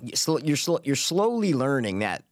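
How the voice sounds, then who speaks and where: A man's voice: mid-range voice, sing-song, moderate pace, no room sound, studio quality. A man in a casual movie chat, emphatic and repetitive, swearing casually.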